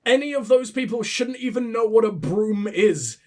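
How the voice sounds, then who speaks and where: A young let's play host with a high voice and moderate pace commentates his gameplay while sick with the sniffles. His talk is profane, rambling, and full of jokes.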